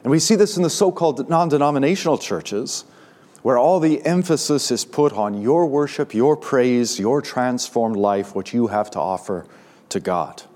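Male pastor, sermon delivery, emphatic rises on key words, mid pitch. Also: lively intonation, moderate pace, a little mellow.

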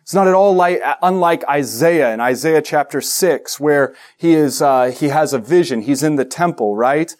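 Animated man preaching a sermon. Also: on the high side, moderate pace, hardly any pauses. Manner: animated, joking asides, acts out quoted voices. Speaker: pastor.

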